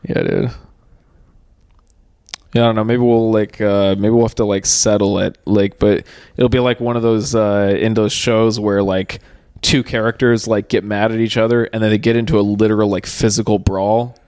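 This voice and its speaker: A man's voice: fairly low pitch, level tone, normal speed, a little mellow, smooth. A young man co-hosting a podcast, chatting loosely with lots of swearing and laughter. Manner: loose, profane, laughs often. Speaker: podcast co-host. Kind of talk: casual chat.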